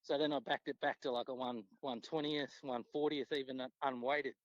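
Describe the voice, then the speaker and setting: A man with an Australian accent, a podcast guest telling fishing stories in a relaxed, swearing, casual way. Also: brisk, dry recording. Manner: laid-back, swears freely, acts out quotes with pitch jumps. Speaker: podcast guest, tournament angler. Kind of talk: casual storytelling chat. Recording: dull lo-fi dry sound.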